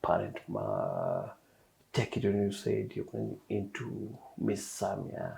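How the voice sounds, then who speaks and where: Man, middle-aged, podcast host; gravelly, mellow voice, unhurried questions dotted with fillers. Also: lowish voice, huge pitch swings, poor audio. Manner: measured questions with frequent ums and uhs. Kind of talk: interview.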